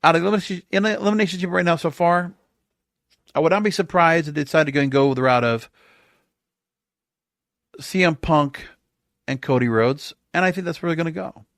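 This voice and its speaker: Podcast host, male, fairly high voice, sarcastic and exasperated, dry close-miked sound. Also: fairly quick, long pauses, fairly bright tone, no room sound. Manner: sarcastic, exasperated, rhetorical questions. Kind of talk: opinionated solo podcast rant.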